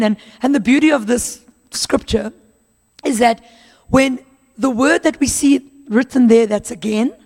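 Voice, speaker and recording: A fairly high-voiced woman preaches in a casual, storytelling way, slipping into the voices of the people in the Bible passage. Her voice rings out with a long hall reverb around it. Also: creaky, a little mellow. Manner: conversational, acts out Bible dialogue in voices. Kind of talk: sermon.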